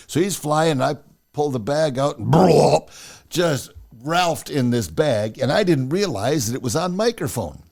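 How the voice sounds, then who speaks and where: Telling a personal story on his podcast, this man has a medium-pitched, creaky voice at a moderate pace. He keeps it casual and animated, performing the dialogue himself.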